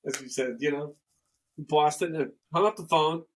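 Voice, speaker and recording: An older man, a guest musician, telling stories in a rambling, animated way and acting out the dialogue he quotes. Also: fairly high pitch, moderate pace, a little hiss or hum, poor audio. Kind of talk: casual storytelling interview.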